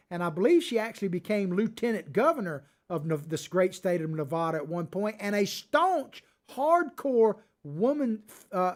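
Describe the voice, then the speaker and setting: Combative male political commentary host. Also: high voice. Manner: combative, swings from loud outbursts to quiet asides. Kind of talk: opinion commentary monologue.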